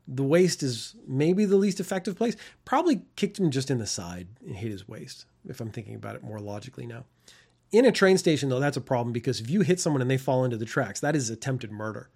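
A man's voice: medium pitch, vocal fry, a little mellow, slightly rough. A man in his fifties giving casual commentary on news stories, wry and rambling, laughing at his own tangents. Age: 50s.

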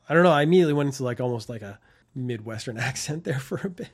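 A man's voice: medium pitch, expressive, very fast. A man in his fifties giving casual commentary on news stories, wry and rambling, laughing at his own tangents. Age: 50s.

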